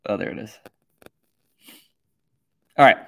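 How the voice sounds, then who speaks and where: A man hosting a livestream, rambling and self-mocking with lots of fillers. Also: slow. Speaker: host. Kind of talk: livestream commentary.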